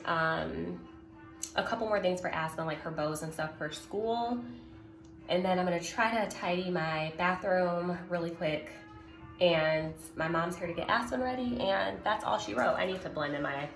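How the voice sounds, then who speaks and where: Chatty young woman, gravelly and low. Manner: chatty, filler-heavy, speaks softly at times. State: congested, slightly nasal. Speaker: vlogger. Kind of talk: casual vlog chat. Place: at home, bedroom.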